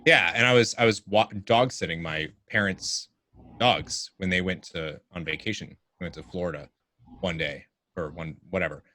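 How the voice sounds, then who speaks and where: A man's voice: deep voice, moderate pace, bright, forceful tone, dry recording. Man telling a rambling casual story. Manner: rambling, lots of "like" fillers. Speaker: podcast guest.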